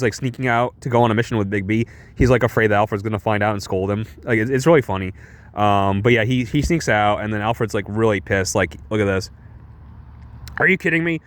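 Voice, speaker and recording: A man giving a casual, rambling and enthusiastic comic book review. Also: on the low side.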